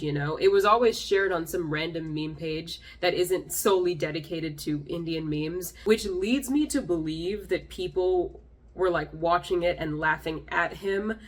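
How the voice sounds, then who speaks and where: A woman hosting a comedic commentary video with a wry, sarcastic delivery. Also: on the low side. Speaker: host.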